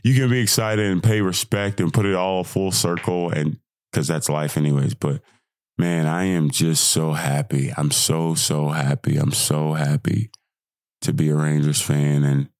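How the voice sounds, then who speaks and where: A young man with a hoarse voice, hosting a casual solo podcast, bursting into excited shouts and dropping back into calm reflection. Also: rumbling low, measured pace, no echo, clean studio sound. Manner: excitable, swings from hyped shouting to quiet reflection. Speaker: podcast host.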